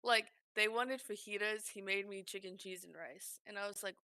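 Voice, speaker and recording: A woman streamer telling work stories in casual chat, animated and swearing freely. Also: medium pitch, normal speed, dry recording, studio quality.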